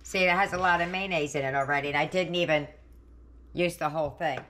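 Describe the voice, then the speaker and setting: A woman's voice: sits low, steady tone, fast, a bit bright, slight background noise. A middle-aged woman hosting a home cooking video, chatting and thinking aloud as she cooks. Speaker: cooking channel host. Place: home kitchen.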